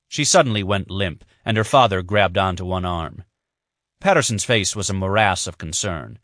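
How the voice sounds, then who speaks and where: A man reading a thriller audiobook in a measured, even narration. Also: sits low, no echo, studio quality. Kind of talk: scripted narration.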